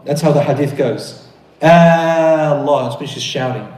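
A man preaching a sermon to brothers and sisters, telling a story with animated, rising emphasis. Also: medium pitch, a little fast. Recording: echoey room.

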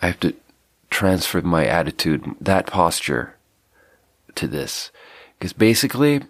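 A man with a low, sing-song voice speaks a little slowly, recorded in studio quality with no room sound. He's a podcast host talking alone through a stuffy nose, rambling in a reflective, self-deprecating way, and his accent slips slightly toward South African.

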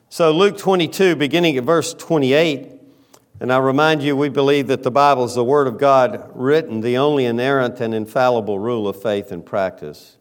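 A man preaching a sermon as pastor, talking slowly and deliberately with frequent pauses. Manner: quiet, lowered voice in prayer.

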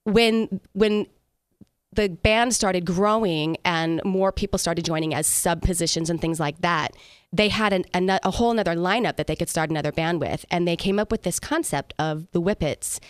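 A middle-aged woman from San Diego, a singer, chatting in an interview in a lively, self-mocking way. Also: on the low side, moderate pace, smooth, no room sound, studio quality. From San Diego, USA. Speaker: singer, guest. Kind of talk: casual interview chat.

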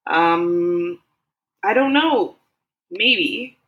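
Hesitant, frank young man from a storybook, halting delivery, voiced by a woman. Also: fairly low pitch, lively intonation, reverberant, muffled recording.

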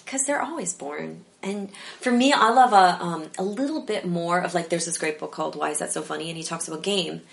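A woman talking casually as an interview guest about improv, animated and rambling with lots of fillers. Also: lowish voice, brisk, vocal fry, few pauses.

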